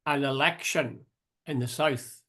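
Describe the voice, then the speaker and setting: A man's voice: medium pitch, steady tone, a little slow, bright, forceful tone. Wry older man questioning. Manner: wry, questioning, thinks aloud with restarts. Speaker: host. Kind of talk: casual political chat.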